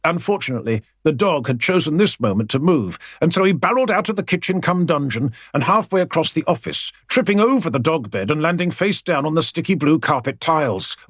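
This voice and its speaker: Guy reading an audiobook, wry and expressive, husky voice, lots of up and down. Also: a little high, no echo. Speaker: audiobook narrator. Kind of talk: audiobook narration.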